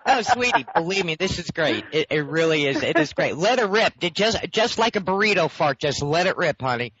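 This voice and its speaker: A man's voice: on the high side, very animated, a little fast, a bit bright, slightly rough, no room sound. A man hosting a radio interview with crude, laughing banter. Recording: muffled radio audio.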